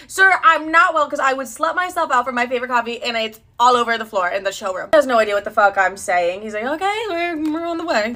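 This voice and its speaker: A woman's voice: a little high, sharp tone. A young woman telling a story casually, dramatic and self-mocking, full of swearing.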